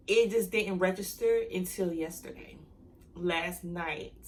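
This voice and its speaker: A woman running an online business, talking to camera casually, heartfelt and grateful, emotional and close to tears, speaking warmly to her viewers. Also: medium pitch. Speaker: online business owner and YouTuber.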